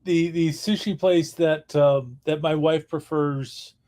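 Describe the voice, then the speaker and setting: A man's voice: a little high, fairly even intonation, slow pace, darkish tone. A man co-hosting a casual livestream, speaking hesitantly with repeated words and dry jokes. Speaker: stream co-host. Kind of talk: casual chat on a co-working livestream.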